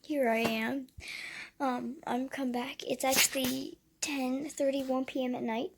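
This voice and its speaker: Teen girl, high voice, excited chatter, whispers at times, bedroom vlog, faint hiss behind. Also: a little slow, vocal fry. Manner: gushing, often whispers, many "oh my gosh". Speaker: book vlogger. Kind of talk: casual vlog. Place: at home, in her bedroom.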